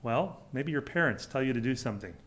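A man's voice: medium pitch, lively intonation, fast, fairly bright tone. A male pastor preaching a sermon, emphatic and fond of rhetorical questions.

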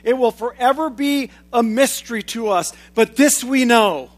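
High-voiced man preaching a sermon. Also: normal speed, faint music behind. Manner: swings from loud emphatic lines to hushed low ones.

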